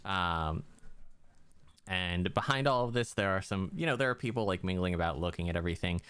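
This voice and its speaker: A man's voice: low-pitched, lively intonation, a little fast, fairly bright tone, smooth, dry recording. A man narrating as game master for a tabletop game, talking loosely with lots of fillers and restarts.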